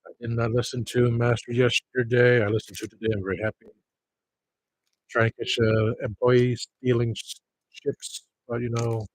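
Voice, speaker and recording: A man's voice: mid-range voice, flat delivery, normal speed, rough recording. A man chatting casually on a livestream, rambling from one thing to the next and grumbling about people.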